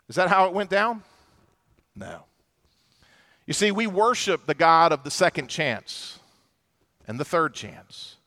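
Male pastor, high bright tone, animated sermon storytelling with acted-out voices. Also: unhurried, pauses often.

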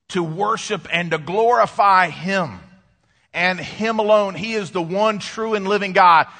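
A man preaching a sermon, expressive and dramatic, reading scripture aloud between his own commentary. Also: high voice, big-room sound. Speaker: pastor.

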